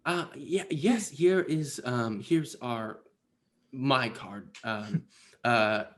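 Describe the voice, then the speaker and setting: A man's voice: medium pitch, extremely slow, fairly bright tone, a little hiss or hum. A man voicing an emotional, effusive woman from a North Pole agency who stammers her thanks. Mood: eager.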